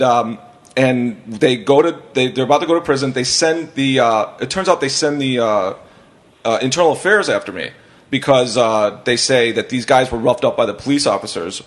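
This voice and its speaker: A man who is a stand-up comedian tells a long anecdote in casual podcast chat, rambling, swearing and laughing as he goes. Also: mid-range voice. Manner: rambling, profane, laughs through the story.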